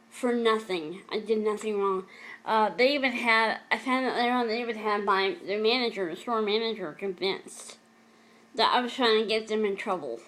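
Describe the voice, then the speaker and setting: A middle-aged woman telling a personal story in a vlog, emotional and halting, often repeating and restarting her words. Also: a little high, fairly bright tone. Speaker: vlogger.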